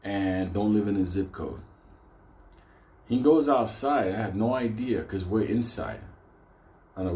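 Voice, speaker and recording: A man telling a comedic story from his own life in a profane, animated way, laughing often. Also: fairly low pitch, measured pace, long pauses. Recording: roomy echo.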